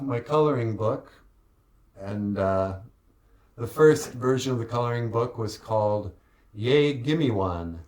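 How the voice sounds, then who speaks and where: Lowish rambling man with a rez accent. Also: slight background noise. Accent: Ojibwe reservation English. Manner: rambling, joking, with many fillers. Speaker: show creator and cartoonist. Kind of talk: casual studio tour.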